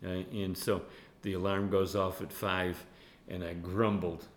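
A man preaching a sermon in an animated way, laughing often and dropping to a hushed tone when he voices prayers. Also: sits low, measured pace, echoey room. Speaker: pastor. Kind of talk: sermon with Bible study.

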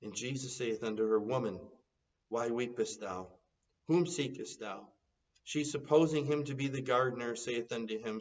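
A man's voice: medium pitch, normal speed. A man preaching a sermon, quoting scripture in an earnest voice and rising into urgent appeals. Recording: dull sound from some distance off.

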